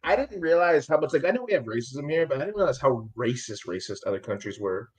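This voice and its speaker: A man's voice: medium pitch, very animated, fast talker. A man in loose, rambling casual chat, swearing and laughing often.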